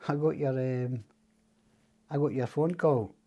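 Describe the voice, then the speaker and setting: A man's voice: mid-range voice, fairly even intonation, measured pace, mellow. An older Scottish man, a podcast guest, telling stories in casual chat. He swears freely and acts out the voices of the people he quotes. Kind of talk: casual storytelling.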